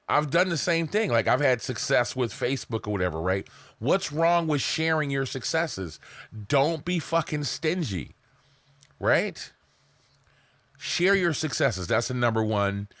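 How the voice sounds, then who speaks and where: A man's voice: medium pitch, fairly bright tone, dry recording. A man coaching beginner marketers in a casual, rambling, profane way, often mocking himself. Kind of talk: casual teaching to camera.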